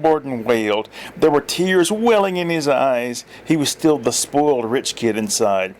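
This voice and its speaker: A man's voice: measured pace, few pauses, a little hiss or hum. Man reading his own fiction aloud. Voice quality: lively, voices many characters in raised pitch. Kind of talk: reading fiction aloud, first-person narration.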